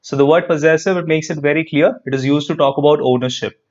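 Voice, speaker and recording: A man with an Indian English accent teaching an online grammar class, lively and repetitive, quizzing his students as he goes. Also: on the high side, fast talker, lo-fi sound. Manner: lively, repeats phrases, quizzes students, frequent "perfect".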